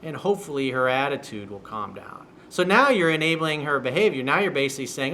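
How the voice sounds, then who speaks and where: A dating coach, male, reads a viewer's email on camera and fires back a blunt, sarcastic, profane answer in solo video newsletter commentary. He talks fairly quickly with few pauses, in a fairly high, expressive voice with a sharp tone. He's in a home room with workers outside the window, and there's slight background noise.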